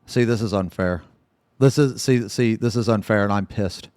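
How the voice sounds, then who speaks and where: Excitable, swearing American man, low voice. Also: moderate pace, dry recording, clean studio sound. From United States. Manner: profane, excitable, swears often. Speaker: interviewer, host. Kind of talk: casual video-call interview.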